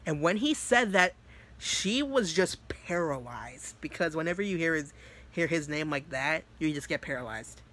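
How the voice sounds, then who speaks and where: A man's voice: fairly high pitch, lively intonation, unhurried, bright, forceful tone, a little hiss or hum. Rambling man telling a story. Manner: rambling, many fillers and restarts, laughs. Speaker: youtuber. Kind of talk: casual storytelling.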